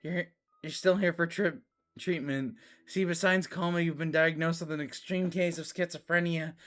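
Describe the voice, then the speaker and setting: A woman reading aloud as a scheming adult woman, delivering wild confessions in a flat, hushed tone. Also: lowish voice, moderate pace, natural voice. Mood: coolly scheming.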